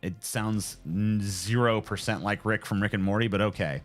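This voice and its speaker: A man's voice: fairly low pitch, moderate pace, soft background music. A man in his twenties chatting casually on a live stream, joking and swearing as he answers viewers. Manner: joking, profane, laid-back.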